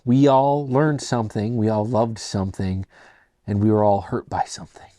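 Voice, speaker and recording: Relaxed low-voiced man reviewing beer. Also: moderate pace, no room sound, studio quality. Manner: relaxed, chatty, rambling asides. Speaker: beer reviewer, channel host. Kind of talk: casual solo review.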